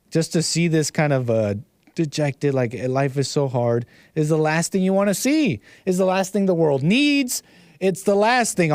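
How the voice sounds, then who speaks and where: A man's voice: a little high, no room sound, clean studio sound. A man hosting a livestream, reacting to videos with rambling, repetitive, mocking commentary. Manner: rambling, repeats himself, mocking asides. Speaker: livestream host.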